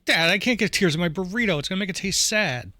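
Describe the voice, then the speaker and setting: A man voicing an excitable teenage girl who chatters eagerly to her father. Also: high-pitched, dry recording, clean studio sound, voice pushed up. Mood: teary. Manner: gushing, rapid-fire chatter.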